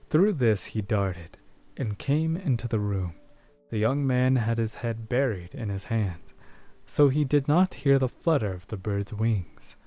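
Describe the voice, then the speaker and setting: A man reading a story aloud to his stream chat in a soft-spoken, unhurried way on a close mic. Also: lowish voice, no echo.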